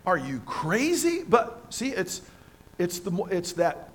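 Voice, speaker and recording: A man's voice: high voice, very animated, a little slow. A man preaching a sermon as pastor in a church, emphatic and passionate, repeating phrases for stress. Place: church sanctuary with congregation.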